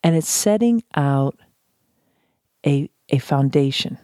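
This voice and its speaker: In a talk on civility, a woman with a lowish, mellow voice discusses conflict calmly and deliberately, pausing often and repeating phrases for emphasis. She adds a touch of self-deprecating humor, and the sound is dry and close with no room sound.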